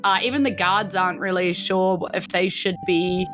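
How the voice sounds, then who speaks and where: A woman's voice: fairly low pitch, fairly even intonation, normal speed, over music. A woman with a New Zealand accent narrating as game master in a loose, rambling way. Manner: loose and rambling, with many fillers.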